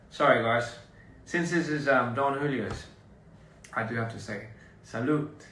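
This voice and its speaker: Chatting casually with fans on a livestream, a young Australian performer rambles with lots of restarts and fillers. His mid-range voice has a sharp tone and a measured pace. The phone audio is roomy and somewhat distant.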